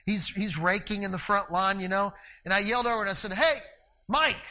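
Male minister, high bright voice, animated sermon storyteller who swings from loud to hushed. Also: fast talker, poor audio. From northeast Ohio, US.

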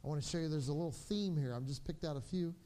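Animated male pastor, higher voice. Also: quick pace. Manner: animated storytelling, acting out his children's voices. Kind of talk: sermon.

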